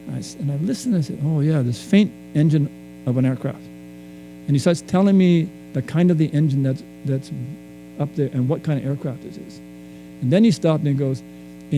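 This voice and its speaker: Male speaker on stage, warm dark tone, reflective storyteller who restarts often. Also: on the high side, slight background noise, poor audio. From Hawaii. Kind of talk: storytelling lecture.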